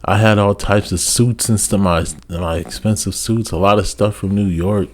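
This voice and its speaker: Low-voiced man, loose podcast chatter. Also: fairly even intonation, moderate pace. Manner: loose, rambling, swears casually. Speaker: guest rapper. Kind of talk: casual podcast chat and freestyle rap.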